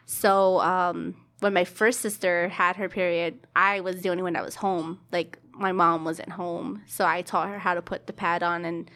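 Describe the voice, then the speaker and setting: A woman's voice: lowish voice, moderate pace, few pauses. A woman co-hosting a podcast, chatting casually. She tells family stories with animation and slips into the voices of the people she quotes. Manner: animated storyteller acting out family conversations. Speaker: podcast co-host. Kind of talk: casual chat.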